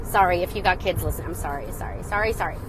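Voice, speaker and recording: A woman's voice: fairly low pitch, fast, faint music behind. A woman hosting a phone livestream, delivering an angry, blunt, sarcastic rant with swearing. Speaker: livestream host.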